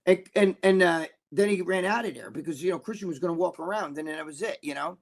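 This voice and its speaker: A man with a somewhat high voice spins tales as a guest in a casual interview. He swears freely, rambles, and keeps restarting his sentences. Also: fast talker. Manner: profane, rambling, with many restarts. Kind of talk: casual storytelling.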